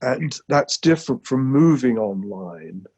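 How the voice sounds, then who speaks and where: Measured man on a dry video call. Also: mid-range voice, sing-song, a little mellow, breathy edge, dry recording, highs cut off. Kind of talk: discussion in an online seminar.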